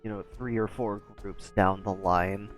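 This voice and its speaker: A man's voice: on the low side, fairly even intonation, measured pace, soft background music. A man running a tabletop game as game master, narrating in a laid-back way.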